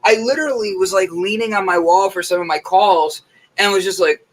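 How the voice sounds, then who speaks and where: A man's voice: high-pitched, a little fast, low-quality recording. A young man co-hosting a casual morning show, telling stories in a chatty way with lots of fillers. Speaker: co-host.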